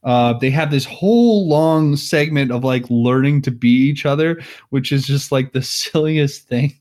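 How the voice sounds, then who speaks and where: A man's voice: medium pitch, measured pace, a little mellow. A man co-hosting a podcast, casually recapping a movie plot, rambling with many "like"s and frequent chuckles. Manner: rambling, heavy on "like", chuckles often.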